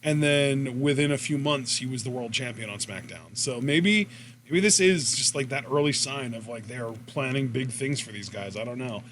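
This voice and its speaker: A man's voice: mid-range voice, moderate pace, slight background noise. A man co-hosting a wrestling podcast in casual commentary, rambling and swearing as he retells matches. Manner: rambling, profane, animated retelling.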